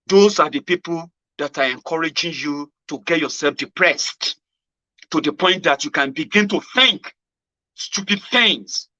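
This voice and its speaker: A fairly high-voiced man with a Nigerian accent talks in a casual, animated monologue, breaking into Pidgin. His tone is bright and forceful, and he swings between loud outbursts and quiet murmurs. The recording is dry and a little dull. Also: a little slow, no echo. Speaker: political commentary host. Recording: dull lo-fi sound.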